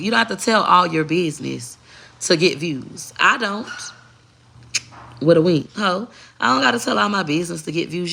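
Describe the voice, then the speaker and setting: A woman's voice: on the low side, gravelly, sharp tone, husky. A middle-aged woman, a content creator talking straight to camera, blunt, profane and emphatic. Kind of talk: candid talking-to-camera rant.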